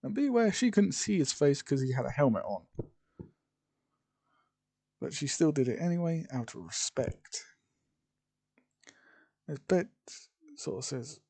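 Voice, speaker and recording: A man's voice: a little high, big pitch swings, measured pace, pauses often, warm tone, slightly rough. A man narrating an improvised fan story, rambling with frequent fillers and restarts. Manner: rambling, full of "sort of" and "well".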